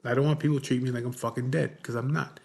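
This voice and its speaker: A man's voice: medium pitch, fairly even intonation, fast talker, creaky, a little mellow. A man in his forties in a casual vlog, answering viewers' questions bluntly and frankly, swearing often and often asking "you know what I mean". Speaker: vlogger.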